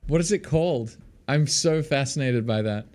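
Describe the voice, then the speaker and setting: A man's voice: medium pitch, moderate pace. A man who teaches guitar online, chatting playfully with viewers during a live feedback session. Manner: playful, chatty, reacts to chat messages. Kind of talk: casual live-stream chat with viewers. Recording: loud guitar music under the voice. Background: loud guitar music.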